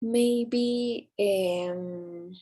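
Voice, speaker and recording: A woman student answering in a grammar class, halting and searching for words. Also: mid-range voice, warm tone, rough recording.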